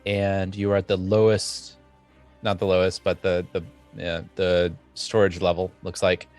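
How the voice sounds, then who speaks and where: Man, game master, low-pitched, slow, halting narration. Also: little pitch movement, darkish tone, clear, resonant tone, faint music behind. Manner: halting, many fillers and restarts.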